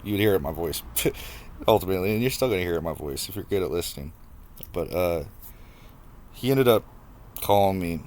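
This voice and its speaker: A young man with a low, deep voice tells his life story straight to the camera. He talks casually and haltingly, often restarting sentences as he thinks back. Soft background noise sits under the recording. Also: animated. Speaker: vlogger.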